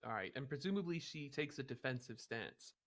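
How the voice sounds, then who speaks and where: A man running a tabletop game as dungeon master, calmly explaining rules and moves. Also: mid-range voice, brisk. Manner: calm, procedural, explains rules.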